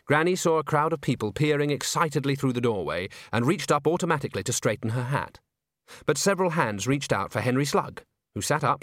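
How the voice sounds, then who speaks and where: A male audiobook narrator with a mid-pitched voice that moves expressively up and down. The recording is close and dry, with no room sound. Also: no room sound. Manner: expressive storytelling. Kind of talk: scripted narration.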